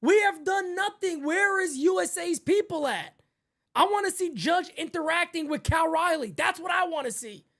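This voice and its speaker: A man's voice: extremely high pitch, lively intonation, normal speed, a bit bright. A man co-hosting a casual sports podcast, emphatic and jokey. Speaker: co-host.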